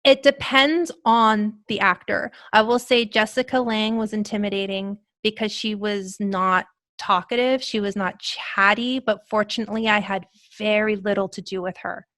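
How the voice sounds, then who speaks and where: A woman actress, a guest in a casual interview, telling lively anecdotes and laughing as she talks. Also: mid-range voice, moderate pace, few pauses, dry recording, studio quality. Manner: animated storyteller, laughs while telling anecdotes.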